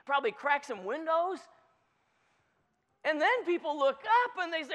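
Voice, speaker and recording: A preacher giving a conversational sermon, telling a story in an animated, chatty way. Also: high voice, normal speed, pauses often. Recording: long hall reverb.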